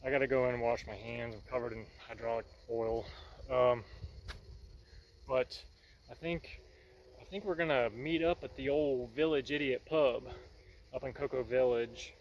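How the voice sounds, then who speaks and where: A man's voice: medium pitch, steady tone, normal speed, long pauses, dull audio, slight background noise. A man talking casually about his project in a workshop vlog, rambling and folksy. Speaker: vlogger.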